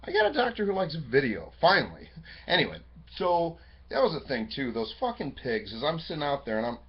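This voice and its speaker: A man in a rambling webcam confessional, cursing freely as his voice leaps from excited highs to hushed lows. His delivery is animated and restless, wandering from one thought to the next. The audio is dull and lo-fi, the way a cheap webcam microphone captures it. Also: brisk, slightly rough. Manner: rambling and profane, jumping from excited high bursts to low quiet musing. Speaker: vlogger. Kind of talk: rambling personal webcam monologue.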